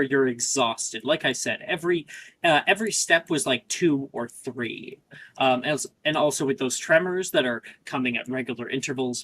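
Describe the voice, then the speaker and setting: Bright-voiced male game master. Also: medium pitch, no room sound, rough recording. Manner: relaxed, chatty, many fillers. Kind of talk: narrating a tabletop game.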